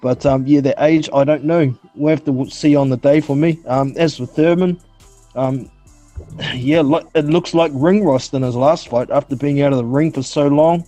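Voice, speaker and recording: A man's voice: on the high side, fairly even intonation, normal speed, warm tone, no room sound, highs cut off, faint music behind. A man chatting casually about fights as a panelist, blunt and swearing freely, with hesitant fillers. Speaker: podcast panelist. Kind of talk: casual boxing chat.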